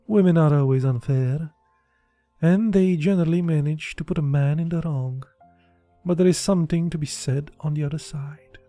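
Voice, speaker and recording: A man's voice: on the high side, moderate pace, mellow, no echo, faint music behind. A man reading a classic novel aloud in a casual way, putting feeling into the dialogue and sometimes breaking off to joke. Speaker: audiobook reader.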